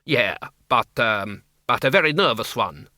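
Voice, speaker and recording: A man's voice: medium pitch, expressive, unhurried, sharp tone, no echo, studio quality. A man doing a whiny nervous vampire count. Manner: whiny, complaining.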